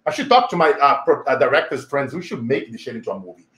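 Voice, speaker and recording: A man's voice: mid-range voice, fast talker. A man from Brazil with a Brazilian Portuguese accent, hosting his own show and telling a motivational story with emphatic energy and frequent laughs. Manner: animated, laughing often, emphatic. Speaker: show host.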